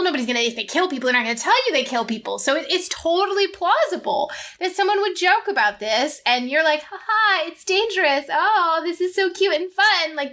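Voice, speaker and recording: A woman co-hosting a casual podcast, talking animatedly and acting out lines from a film. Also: high voice. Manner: animated, acts out quotes in raised voice. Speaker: podcast co-host. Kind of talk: casual chat.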